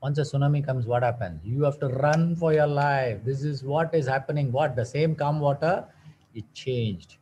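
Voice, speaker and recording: In a medium-pitched, warm voice at a moderate pace, a male naturopathic doctor mixes instruction with a personal story in a wellness talk. He asks his listeners many rhetorical questions and repeats words for emphasis; the audio is poor, with slight background noise.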